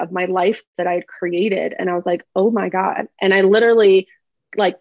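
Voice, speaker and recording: A woman's voice: mid-range voice, dry recording, lo-fi sound. A woman guest on a podcast sharing her story in a heartfelt, emphatic way, laughing often. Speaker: podcast guest, empowerment coach.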